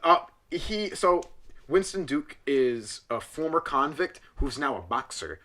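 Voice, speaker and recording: A young man with a bright, fairly high voice rants through a film review, exaggerated and profane. He talks in a loose, comedic way that sounds like a casual podcast chat. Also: a little slow. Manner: animated, exaggerated, profane storytelling.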